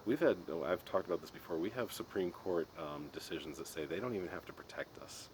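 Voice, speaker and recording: Very deep-voiced exasperated man ranting. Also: fast. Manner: exasperated ranting, frequent restarts and laughs. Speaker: podcast host. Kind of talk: casual monologue. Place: Colorado. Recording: noisy background.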